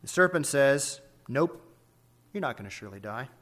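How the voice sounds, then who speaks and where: A man's voice: mid-range voice, expressive, normal speed, a bit bright, soft background music. A man preaching an expository sermon, emphatic and full of rhetorical questions.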